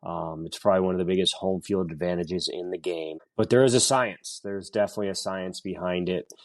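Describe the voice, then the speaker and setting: A deep-voiced man, a former pro baseball player from Northern California, tells stories as a podcast guest. His talk wanders, full of fillers and restarts. The sound is dry and close to the mic. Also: brisk, dry recording. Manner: rambling, lots of fillers and restarts. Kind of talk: casual interview storytelling.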